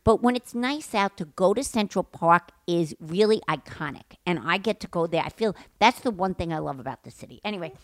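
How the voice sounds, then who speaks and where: Older woman, podcast co-host, chatty animated storyteller, dry close mic. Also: lowish voice, brisk, few pauses, no echo. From Manhattan, New York. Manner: animated storytelling, acts out shouting quotes. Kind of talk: casual podcast chat.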